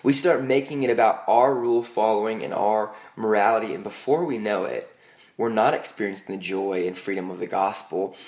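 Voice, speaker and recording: A young man preaching a sermon to a church congregation in a conversational way, with frequent "like" and quick restarts, telling self-deprecating stories. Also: fairly low pitch, darkish tone. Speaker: pastor.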